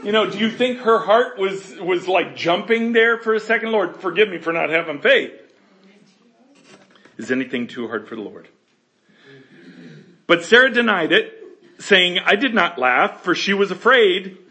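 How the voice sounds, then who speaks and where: Reading passages aloud one verse at a time, a male Bible teacher then talks each over in a relaxed way, laughing readily and voicing the characters. His high-pitched, sharp voice has lively intonation and a moderate pace.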